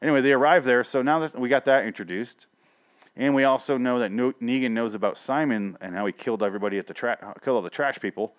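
A man's voice: mid-range voice, fast talker. A man hosting a casual TV review show, rambling and swearing, often stopping mid-sentence to restart. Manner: rambling, profane, self-interrupting. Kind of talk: casual solo review chat.

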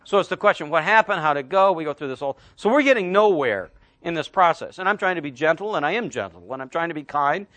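A middle-aged man preaching a sermon as pastor, telling a story and slowing right down to stress key phrases. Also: a little high, animated, a bit bright, no room sound.

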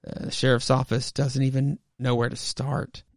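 A man's voice: mid-range voice, flat delivery, moderate pace, gravelly, no echo, clean studio sound, lightly acted. A man voicing a young, exhausted male school principal who swears and rambles. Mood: frazzled.

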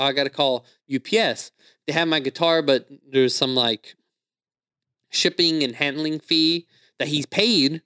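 A man's voice: fairly high pitch, pushed and bright, no echo. A man with a slightly raised voice tells a story in casual chat. He laughs through his lines, swears freely and acts out the people he quotes. The sound is dry and close.

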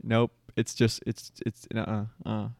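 A man's voice: lowish voice, monotone, a little slow, gravelly, a little mellow, no echo, studio quality. A young man co-hosting a podcast, joking around, playfully stubborn and laughing often. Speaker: podcast co-host. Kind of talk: casual chat.

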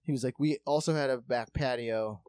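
A man's voice: medium pitch, moderate pace, no echo. A man telling a long story in casual comedic chat, swearing freely and acting out what others said. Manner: profane, animated, acts out quotes.

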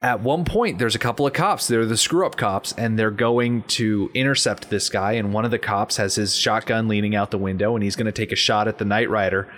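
A man co-hosting a podcast, telling a movie scene in a playful, animated way. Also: on the low side, fairly quick, few pauses. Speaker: podcast co-host. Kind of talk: casual movie commentary.

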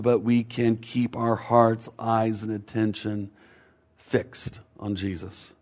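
A man preaching a sermon in a measured way, building rhythmic lists whose last words fall away. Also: mid-range voice, a little mellow.

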